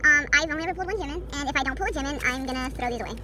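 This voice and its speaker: A woman unboxing with a friend, excitable and squealing, swearing freely. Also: high-pitched, very fast. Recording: loud background noise.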